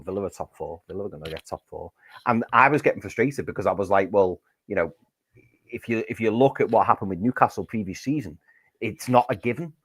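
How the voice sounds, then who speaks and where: A man's voice: lowish voice, no echo. A man hosting a football fan podcast, chatting with frequent restarts. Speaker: podcast host.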